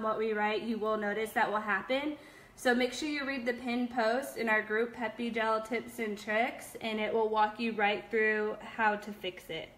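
A woman's voice: on the high side, fairly bright tone. A young woman hosting a casual live stream, reading viewer comments aloud with many fillers. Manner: chatty, upbeat, many fillers. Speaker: live-stream host of a nail product shop.

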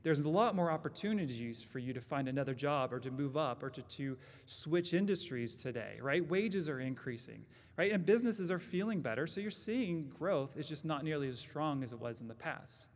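A man's voice: on the high side, lively intonation, normal speed, few pauses. A man giving a conference presentation on an employment forecast at a podium microphone, explaining points and checking in with the audience with "right?". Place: conference hall at a lectern.

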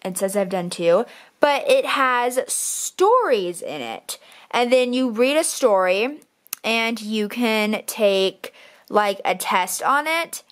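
A woman's voice: on the high side, very animated, slow pace. Chatty rambling eighteen-year-old woman. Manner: chatty and rambling, self-deprecating, lots of fillers. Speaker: vlogger. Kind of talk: casual vlog chat.

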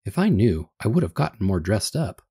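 Man doing old farmer, folksy, gruff, low husky voice, storybook. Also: sing-song, fairly quick, warm tone, full character voice. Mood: stern. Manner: folksy country talk.

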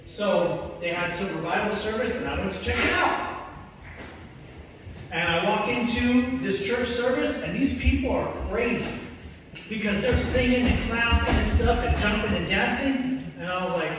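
Man, preacher, animated storytelling, high voice, booming hall reverb, heard from a distance. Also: normal speed, crowd noise. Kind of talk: sermon testimony. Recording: echoey hall from far off.

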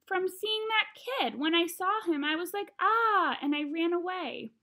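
A woman's voice: extremely high pitch, measured pace, pitched above the performer's own voice, exaggerated voice. Woman doing a whiny little boy voice. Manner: whining, excitable.

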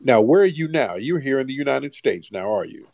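A man's voice: medium pitch, lively intonation, fairly quick, creaky, darkish tone, dry recording. A man hosting a live call-in stream, talking bluntly and mockingly down to his callers. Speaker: livestream host. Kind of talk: casual live call-in chat.

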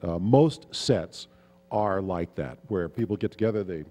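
A man's voice: sits low, a little slow, in a large hall, soft background music. A man, a guest actor at a convention panel, telling stories loosely with chuckles and fillers. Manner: relaxed, chuckling, rambling with fillers. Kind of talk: anecdotal storytelling at a Q&A.

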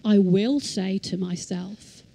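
A woman teaching in church, reading scripture slowly and emphatically and leading the congregation to repeat lines. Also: mid-range voice, mellow, low-quality recording. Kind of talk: sermon. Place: church hall.

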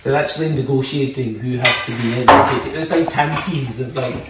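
A man's voice: mid-range voice, brisk, heavy background noise. A man with a Scottish accent, a chef casually teaching a home cooking demonstration in a playful, chatty way while joking with his kids. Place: home kitchen. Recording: echoey kitchen, mic far off, clattering pans.

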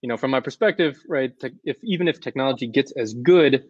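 A man's voice: mid-range voice, fairly quick, no room sound, highs cut off. A man moderating a conference panel, speaking in a conversational way and often repeating words. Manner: conversational, repeats words, says right a lot.

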